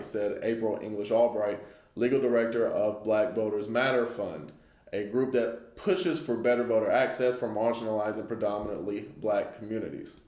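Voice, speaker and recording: A man's voice: medium pitch, a little mellow, roomy sound. A man giving a casual lesson on the news, talking it through conversationally and often checking in with listeners. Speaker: Bible class teacher.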